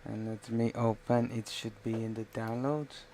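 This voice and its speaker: A man's voice: medium pitch, little pitch movement, unhurried, dark tone, a little hiss or hum. A man live-streaming while he works on a design, thinking aloud in a rambling, self-correcting way.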